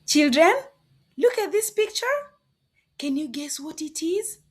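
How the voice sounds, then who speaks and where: A woman teaching phonics to young children, cheerful and coaxing, sounding out each letter slowly. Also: high voice, lively intonation. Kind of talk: slow, sing-song teaching to preschoolers.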